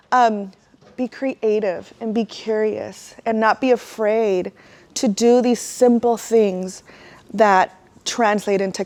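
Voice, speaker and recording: A woman's voice: fairly high pitch, a little mellow. A middle-aged woman giving a casual, heartfelt talk to parents, full of "right?" and emotional asides.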